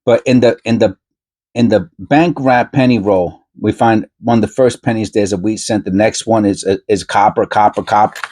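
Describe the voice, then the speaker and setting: A man with a fairly low voice talks off the cuff as he hunts through coins. He rambles, repeats words and corrects himself on the fly, and he breaks into excited asides now and then. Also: normal speed. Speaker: coin roll hunting channel host. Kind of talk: casual chat while searching coins.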